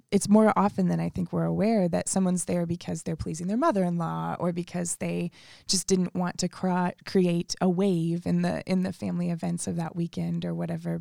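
Female co-host: low, very gravelly, mellow, thinks out loud. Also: dry recording, studio quality. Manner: warm-affirming, reflective, thinks aloud with restarts. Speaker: small groups director, co-host. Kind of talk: podcast conversation.

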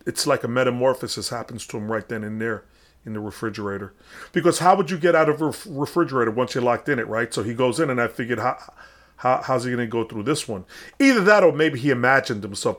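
A man casually retelling a film, with a voice of ordinary middle pitch for a man. He rambles, restarts his sentences and leans on fillers as he goes. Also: fast, fairly bright tone. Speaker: film recapper.

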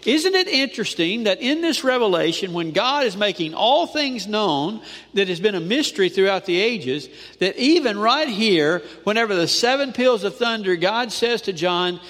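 A male pastor preaching a sermon, asking "amen?" often and swinging between loud declarations and hushed lines. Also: sits high, animated, moderate pace. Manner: preachy call-and-response with frequent "amen?". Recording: long hall reverb.

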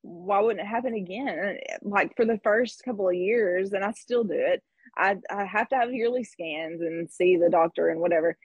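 A woman's voice: medium pitch, normal speed, slightly rough, no echo, lo-fi sound. A woman in her thirties telling a personal story in conversation, candid and reflective, with laughs between thoughts. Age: 30s. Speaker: guest.

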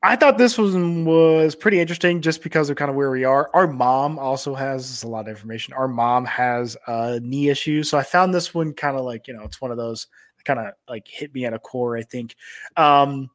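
A man co-hosting a sports technology podcast, talking in a relaxed, loose way full of fillers. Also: medium pitch, fairly quick. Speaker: podcast co-host. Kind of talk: casual sports tech chat.

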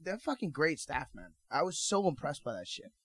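A man with a somewhat high voice, bantering crudely with friends, teasing and swearing a lot. The recording is dry and close. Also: big pitch swings, normal speed, no echo. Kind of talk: casual chat.

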